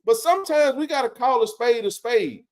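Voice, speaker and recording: A man with a notably high-pitched voice hosts a casual sports talk show. He rants with passion and swears freely, pressing his points hard. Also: lively intonation, normal speed, darkish tone. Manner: impassioned, ranting, swears freely.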